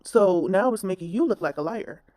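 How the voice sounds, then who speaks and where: A woman's voice: medium pitch, expressive, moderate pace, warm tone, dry recording. A woman commentator ranting bluntly in a reaction video, scolding and swearing.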